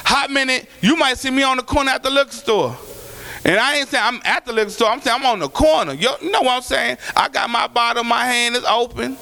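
A male pastor preaching a sermon in a church, fervent and colloquial, swinging between shouted lines and soft asides as he calls out to the congregation. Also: very high-pitched, a little fast, creaky.

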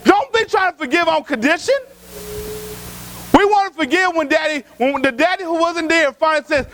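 A man preaching a sermon as pastor, moving from loud shouts to quiet hushed lines. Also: very high-pitched, moderate pace, rough recording. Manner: preaching with rising shouts and sudden drops to a hush.

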